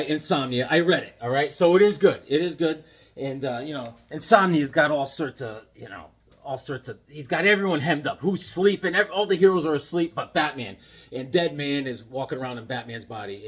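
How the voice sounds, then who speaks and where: A man talks his way through a pile of comics, circling back with fillers and throwing in puns as he goes. His voice sits in an ordinary middle pitch, easygoing and unhurried. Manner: rambling, joking, lots of fillers and puns. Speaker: comic book channel host. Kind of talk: casual chat to camera.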